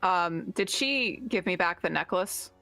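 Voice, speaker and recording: A woman's voice: lowish voice, animated, unhurried, bright, forceful tone, no room sound, faint music behind. A young woman player in a tabletop game, describing her actions hesitantly with fillers.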